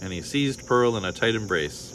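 Man calmly reading a storybook. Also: lowish voice, moderate pace, slight background noise, poor audio. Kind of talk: reading a picture book aloud.

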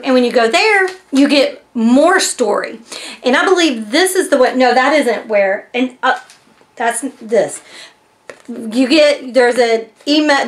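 A woman chatting casually as she reviews a mystery box, retelling its story with lots of fillers. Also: high voice. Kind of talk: casual chat.

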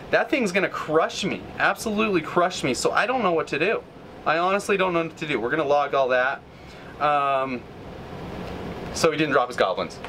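A man hosting a gaming channel, giving live gameplay commentary, ranting in frustration, with sudden high outbursts and low mutters. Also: fairly bright tone, a little hiss or hum, rough recording.

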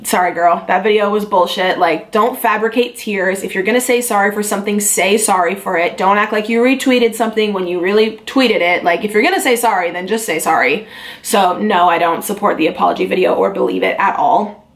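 A woman's voice: mid-range voice, fairly quick. A young adult woman, a beauty vlogger, talking to camera in an earnest, confiding way, with frequent ums and likes. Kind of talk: candid talking-head vlog.

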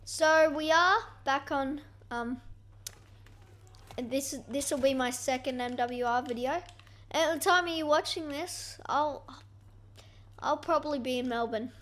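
A young woman giving excitable, self-mocking commentary over her own gameplay. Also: high-pitched, measured pace. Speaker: gaming YouTuber.

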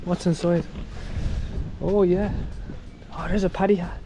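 A man's voice: high voice, level tone, measured pace, mellow, slight background noise. A man hosting a casual travel vlog outdoors, chatty and upbeat, talking to his viewers as he walks along a street. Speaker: travel vlogger. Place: outdoors on a town street with passing traffic.

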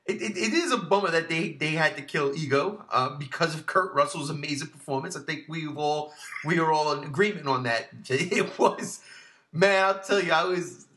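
A man co-hosting a casual movie review podcast, animated, swearing freely and swinging from low murmurs to loud outbursts. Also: normal speed. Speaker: podcast co-host.

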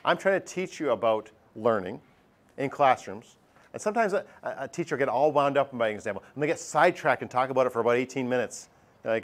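A middle-aged man teaching a math class, lively and joking, acting out his students' voices. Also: medium pitch, fast talker. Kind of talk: classroom lecture.

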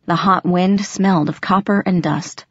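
A woman reading a first-person fantasy audiobook in steady, measured storytelling narration. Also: on the low side, slightly rough, dry recording, muffled recording.

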